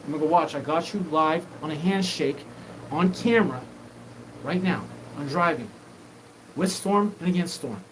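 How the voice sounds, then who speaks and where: A man's voice: fairly high pitch, normal speed. Rambling man over background noise. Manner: disjointed, profane, jumps between topics. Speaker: show host. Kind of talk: rambling live monologue. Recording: noisy background.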